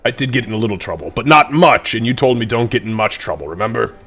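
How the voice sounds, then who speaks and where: Man doing a drunken dwarf, gruff, boisterous, loud, coarse, swearing, tabletop game. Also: mid-range voice, animated, quick pace. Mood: rowdy.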